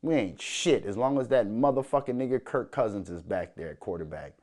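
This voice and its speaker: A man's voice: lowish voice, lively intonation, fairly quick. A man from Minnesota hosting a podcast, ranting angrily with constant swearing and mocking asides. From Minnesota, USA. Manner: loud, angry, swearing, mocking quoted voices. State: angry. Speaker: podcast host. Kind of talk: profane solo podcast rant.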